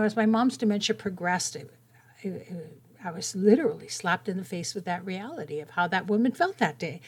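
A middle-aged woman hosting a podcast, telling an emotional personal story with earnest feeling and acting out the quoted shouts. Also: medium pitch, slightly rough. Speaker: podcast host.

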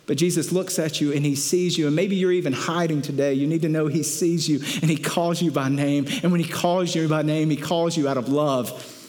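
A male pastor delivering a lively sermon, with a voice sitting a little high for a man. He tells the story with energy, slipping into playful voices for the characters and the crowd. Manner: animated storytelling, acting out crowd voices with laughter.

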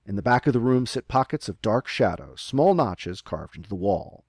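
A man's voice: fairly low pitch, sing-song, normal speed, a little mellow, no room sound, clean studio sound. A man running a tabletop game as game master, narrating scenes with many ums and uhs over a remote call.

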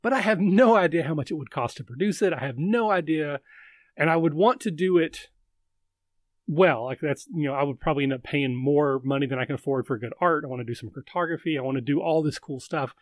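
A man's voice: a little high, brisk, no echo. A man hosting a casual live chat, rambling and thinking aloud with lots of fillers. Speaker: livestream host.

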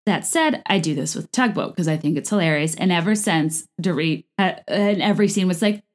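A woman hosting a podcast in a casual, rambling chat, full of fillers and restarts, her pitch jumping up for emphasis. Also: brisk. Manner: lively jumps in pitch for emphasis. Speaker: podcast host. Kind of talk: casual chat about reality TV.

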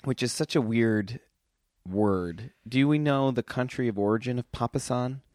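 A man hosting a relaxed, casual chat, talking softly and meandering, often trailing off into quiet asides. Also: mid-range voice, normal speed, no echo, studio quality. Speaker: podcast host. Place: indoors, lying on a couch cushion on the floor.

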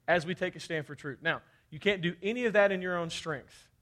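A man's voice: sits high, fairly quick, fairly bright tone. A man from Kentucky preaching a fervent sermon, often calling out for amens. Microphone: handheld or head mic.

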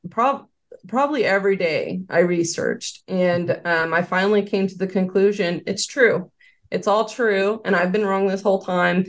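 A woman with a slightly low voice talks through her personal story as an interview guest. She is candid and earnest, loose in her phrasing, with frequent fillers. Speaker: interview guest, former quality control worker. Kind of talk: casual interview testimony.

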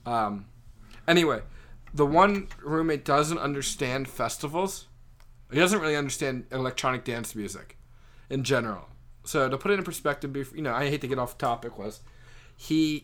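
Young male talker, loose filler-heavy storytelling, mid-pitched, casual chat. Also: lively intonation, moderate pace, a bit bright. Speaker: friend telling a story.

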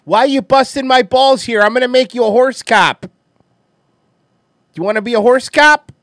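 A man putting on a New York accent to play a bullying police boss, shouting in a comic impression. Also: very high voice, moderate pace, no echo, clean studio sound, voice pushed up. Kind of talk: comic impression in podcast chat.

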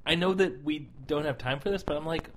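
A man's voice: fairly high pitch, brisk. A man co-hosting a podcast, chatting casually and making playful jokes. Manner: playful, punning. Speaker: podcast co-host. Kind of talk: casual chat.

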